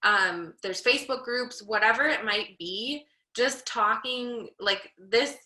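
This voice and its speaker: A woman guest on a podcast, giving earnest, measured advice with frequent pauses and ums. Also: fairly high pitch, bright, forceful tone. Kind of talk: candid advice-giving talk. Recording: roomy echo.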